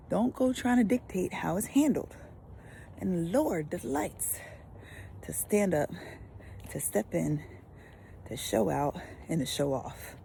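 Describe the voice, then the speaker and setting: Woman pastor, mellow dark tone, animated delivery with whispered asides. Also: fairly low pitch, moderate pace, vocal fry, long pauses, slight background noise. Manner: animated, swings from loud emphasis to whispers. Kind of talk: lively devotional teaching.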